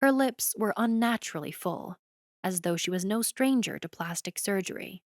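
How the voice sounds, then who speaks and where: A woman narrating a romance audiobook in an even storytelling delivery, recorded close to the mic. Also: mid-range voice, moderate pace, dry recording.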